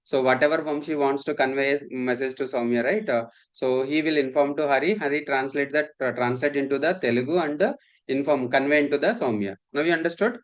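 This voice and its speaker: A male instructor leads a classroom lecture at a middle pitch. He repeats his points and keeps asking students whether they understand. His talk is patient and steady. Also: brisk. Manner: repetitive, checks understanding often.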